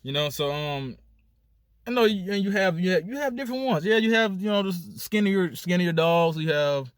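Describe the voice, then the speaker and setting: A man's voice: high-pitched, animated, normal speed, smooth, dry recording, clean studio sound. A man with a Southern US accent, a dog breeder talking casually to camera, repeating himself and hammering points home with "you know" and "period". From United States. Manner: loose, repetitive, emphatic with "period" and "you know".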